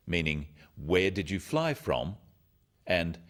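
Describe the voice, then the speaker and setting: Casting: deep-voiced male narrator, highly animated intonation, clear and instructive, scripted lesson narration. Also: unhurried.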